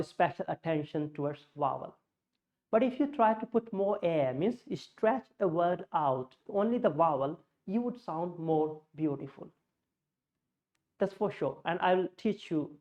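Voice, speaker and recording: A man teaching a spoken-English lesson, explaining step by step in a deliberate way. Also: high voice, highs cut off. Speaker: English speaking coach.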